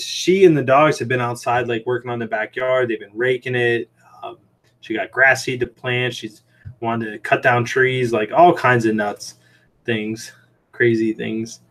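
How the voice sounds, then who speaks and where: Chatty man rambling on a livestream. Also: mid-range voice. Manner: rambling, full of "like" and "um" fillers; chatty, tells anecdotes. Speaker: livestream host and aquarium shrimp seller. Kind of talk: casual livestream chat. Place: home room with fish tanks behind.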